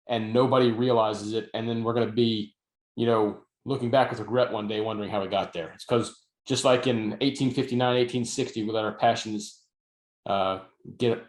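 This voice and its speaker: A middle-aged man co-hosting a podcast, telling stories with dry, wry asides. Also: medium pitch. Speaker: podcast co-host and novelist. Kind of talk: casual podcast chat. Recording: roomy echo.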